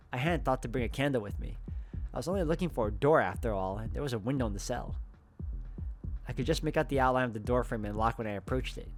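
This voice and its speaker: A man reading a visual novel aloud and adding chuckling asides. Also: medium pitch. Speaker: let's-play host.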